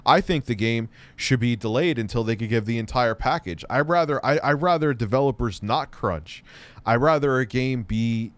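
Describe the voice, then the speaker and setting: A man's voice: medium pitch, clear, resonant tone, dry recording. A man hosting a casual livestream Q&A, reading viewer questions aloud and answering in a rambling, profane way.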